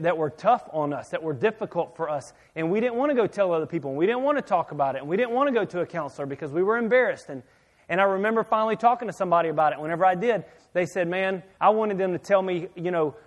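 A middle-aged pastor delivers a sermon built around a personal story, repeating many words. His voice sits high and swings between loud emphasis and almost hushed asides.

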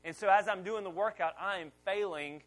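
A middle-aged man preaching a sermon in a church, telling stories in a conversational way and rising loud on the points he wants to stress. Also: sits high, brisk. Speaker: pastor.

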